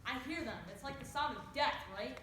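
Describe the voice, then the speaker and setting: A woman's voice: sits high, a little fast, pushed and bright. A young woman acting a brash, scornful teen girl in a stage monologue, recorded on an echoey stage. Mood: sarcastic. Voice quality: sarcastic. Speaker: student actor. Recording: echoey stage, audible hiss.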